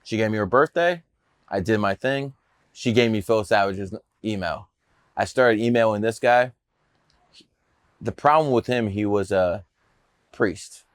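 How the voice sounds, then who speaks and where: Brash, profane low-voiced man. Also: unhurried, long pauses, no echo, clean studio sound. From Cleveland area, USA. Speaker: numerologist guest. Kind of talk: casual podcast storytelling.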